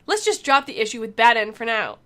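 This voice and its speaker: A young adult woman playing a horror visual novel, reading the text aloud and reacting in animated, swear-laden casual commentary. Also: a little high, a little fast. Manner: animated, swears when frustrated. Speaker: let's play gamer.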